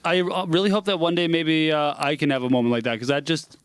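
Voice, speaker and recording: A man's voice: a little high, steady tone, quick pace, clear, resonant tone, no room sound. A man hosting a podcast interview, enthusiastic and speaking directly to listeners. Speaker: podcast host. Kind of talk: casual interview chat.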